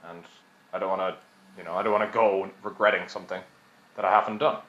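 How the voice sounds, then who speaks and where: A man's voice: sits low, fairly even intonation, fast, a bit bright. A young Irish man in his late twenties, a podcast guest, telling stories in a chatty, self-mocking way and laughing often. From Ireland. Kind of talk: casual storytelling. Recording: roomy, slightly dull recording.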